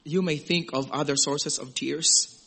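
A man preaching a sermon in a conversational, animated way, swinging from loud exclamations to hushed, gentle passages and acting out little quoted voices. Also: on the high side, unhurried, creaky, husky. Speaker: pastor.

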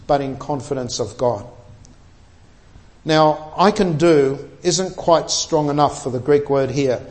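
A man delivers a sermon earnestly and emphatically, slowing down to stress key words. His voice sits on the high side with a darkish tone.

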